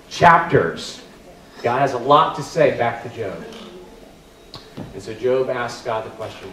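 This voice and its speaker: A man's voice: mid-range voice, a little hiss or hum. A man preaching a sermon as a pastor, in a conversational, emphatic and self-deprecating way. It sounds like an echoey church hall heard from a distance.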